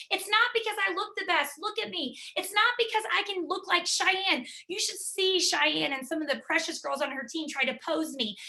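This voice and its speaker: A woman's voice: extremely high pitch, vocal fry, bright, forceful tone. A woman giving an emphatic motivational talk to her team over a video call, driving home her points with repetition. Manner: emphatic, driving, repeats key words.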